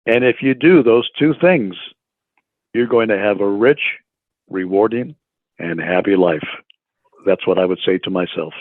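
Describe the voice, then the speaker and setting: A man in his eighties, a guest in an interview, speaking slowly and haltingly, repeating words and filling pauses. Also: lowish voice, no echo. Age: 80s. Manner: slow, halting, repeats words with many fillers. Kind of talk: casual interview. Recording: phone-like remote call audio.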